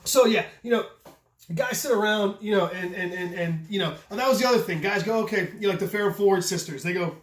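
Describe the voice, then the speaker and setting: A man who runs a knife channel, talking loudly and passionately in a casual rant, swearing freely and asking rhetorical questions. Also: sits high, a little fast. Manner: loud, passionate, voice carries; profane, repetitive restarts, rhetorical questions. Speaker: custom knife maker and channel host. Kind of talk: casual opinion rant to camera. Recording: echoey room.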